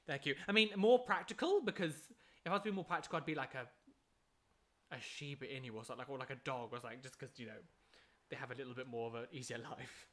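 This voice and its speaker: A live streamer in casual chat, reading and answering viewer questions, chatty and excitable, humming little tunes between answers. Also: medium pitch, quick pace. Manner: chatty and excitable, hums filler tunes, laughs often.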